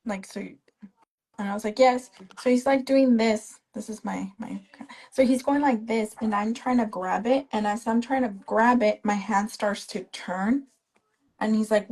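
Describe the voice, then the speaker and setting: A woman's voice: a little high, normal speed, rough recording. A young woman speaking as a guest on a live stream, casually telling her own story and acting out the lines of the people in it. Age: young adult. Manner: animated retelling that acts out the other people's quoted lines. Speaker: guest, stroke survivor. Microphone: phone on a live video stream.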